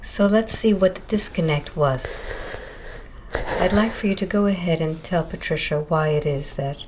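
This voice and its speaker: A woman hypnotherapist guides a session with short, gentle questions and soft murmured affirmations. Her voice sits fairly low. A clear hiss of noise runs behind her. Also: normal speed. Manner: quiet, brief, gentle prompts and murmured affirmations. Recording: noisy session recording.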